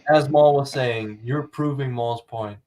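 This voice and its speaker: A man talking casually over a building session, mid-pitched and chatty. He keeps stopping and restarting his sentences and laughs easily between them. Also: a little slow, darkish tone, a little hiss or hum. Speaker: podcast host. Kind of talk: casual chat while building.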